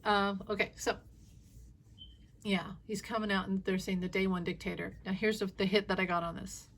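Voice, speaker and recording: A woman giving a casual, opinionated monologue as a spiritual reader, blunt and animated, swearing freely. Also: medium pitch, moderate pace.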